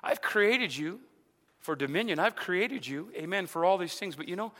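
A man's voice: high-pitched, animated, normal speed, bright, forceful tone, big-room sound. A man preaching a sermon in a loose, conversational way, sprinkling "amen" and repeating words as he works through his point. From Arizona, USA. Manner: preaching with frequent "amen" fillers and repetitions. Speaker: pastor.

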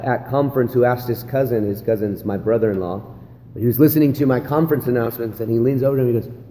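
A man's voice: medium pitch, dark tone. A man, a pastor, giving a conversational teaching talk to other pastors, often asking "right?" as he goes. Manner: conversational, repeats "right?" and "again". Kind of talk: church leadership teaching talk. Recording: long hall reverb, faint ambient noise.

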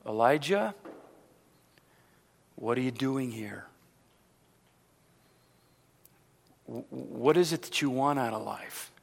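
A soft, hushed male voice of God, the still small voice, asking gentle questions, as a preacher acts it out. It rings with the long reverb of a large hall, bright in tone. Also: fairly high pitch, big pitch swings, moderate pace, exaggerated voice.

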